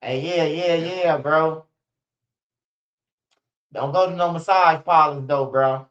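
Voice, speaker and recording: A man's voice: a little high, steady tone, slow pace, a bit bright. A young man ranting casually to his viewers on a stream, with loose, profane street slang and lots of repetition. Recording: dull lo-fi stream audio.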